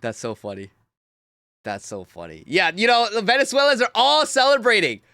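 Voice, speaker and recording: A young man hosting a livestream, reacting to clips in an animated, mocking way, talking to his chat and laughing often. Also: high-pitched, moderate pace, vocal fry, very noisy. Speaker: livestream host.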